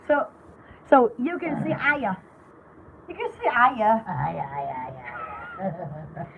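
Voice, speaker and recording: A young woman hosting a live-stream jewelry party, chatting casually in an excitable, rambling, giggly way. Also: a little high, extremely slow, background noise.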